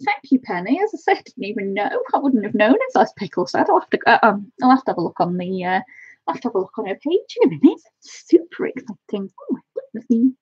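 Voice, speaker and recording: A woman chatting excitedly on a live stream, gushing and thanking her viewers by name. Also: medium pitch, fast, breathy edge, dry recording, muffled recording. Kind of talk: casual live-stream chat.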